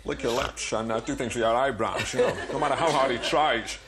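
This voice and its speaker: A man's voice: mid-range voice, fairly quick, noisy background, natural voice. A young man putting on exaggerated impressions of famous older British men on a TV chat show. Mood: mocking. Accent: Scottish put-on. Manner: mimicking, exaggerated, mocking. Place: TV studio.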